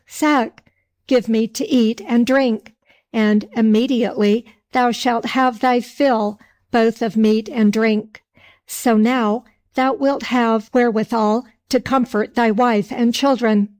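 A woman voicing a stern male giant who is the wind, in slow archaic speech. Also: fairly high pitch, a little mellow.

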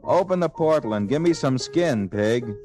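A man's voice: mid-range voice, expressive, normal speed, darkish tone, pitched above the performer's own voice, close to an everyday voice. A man voicing a pushy hipster wolf who talks in beatnik jazz slang, over music from an old record. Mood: brash. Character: jive-talking hipster big bad wolf, pushy.

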